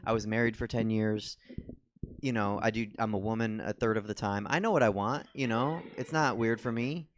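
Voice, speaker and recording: A man's voice: lowish voice, normal speed, no room sound. Rambling forty-year-old male comedian. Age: 40s. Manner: rambling, self-deprecating storytelling with many fillers. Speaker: comedy show host. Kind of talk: stand-up comedy. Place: small comedy theater stage.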